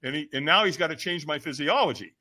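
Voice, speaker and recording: A man telling a personal story as a podcast guest, lively and emphatic, acting out quoted lines with sudden shouts. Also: fairly high pitch, fast talker. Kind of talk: animated storytelling in conversation.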